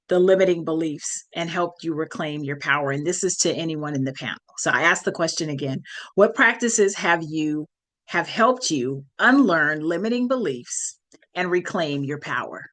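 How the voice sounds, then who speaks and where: A woman's voice: low voice, fairly bright tone. A woman moderating an online panel on a video call, affirming a speaker and then restating her question. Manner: affirming, then asks questions and repeats them.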